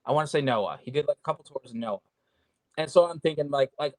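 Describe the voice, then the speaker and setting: A man tells a story from the road in loose, chatty talk. He swears freely and trips over his own restarts. His voice sits a little high and sounds dry and close. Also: fast talker, a little mellow, no room sound, poor audio. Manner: profane, rambling storyteller with many restarts. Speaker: guest wrestler. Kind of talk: casual storytelling. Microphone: remote call mic with audio trouble.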